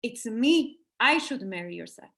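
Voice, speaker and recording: A woman voicing the middle of three sisters in a children's story, speaking persuasively and a bit lower than her narration. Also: lively intonation, measured pace, gravelly, fairly bright tone, full character voice. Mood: insistent.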